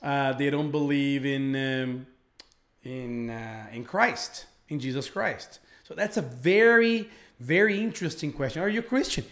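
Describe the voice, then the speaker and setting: A man from Brazil teaching a live online English lesson, speaking slowly and repeating phrases for learners. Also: medium pitch, fairly bright tone.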